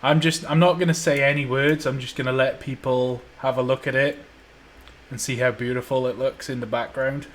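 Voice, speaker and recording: A man's voice: medium pitch, fairly even intonation, normal speed. A man casually chatting and joking while live streaming a train simulator. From Wales. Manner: joking, swearing, laid-back banter.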